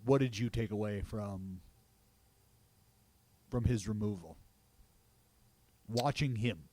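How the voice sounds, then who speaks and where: Excitable swearing man telling baseball stories. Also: lowish voice, takes it slowly, no room sound. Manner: excitable storyteller who swears and gets loud reliving plays. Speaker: baseball broadcaster and podcast co-host. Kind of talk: casual chat.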